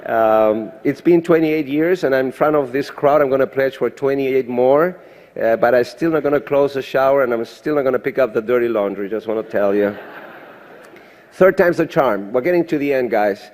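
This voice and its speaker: A man's voice: medium pitch, a little fast, darkish tone. Older guy speaking english at a podium, sincere and grateful, big echoey convention hall. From Argentina. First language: Spanish. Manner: heartfelt, thanking people one by one. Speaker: surgeon giving a presidential address. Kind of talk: emotional speech at a podium. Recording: long reverb of a big hall.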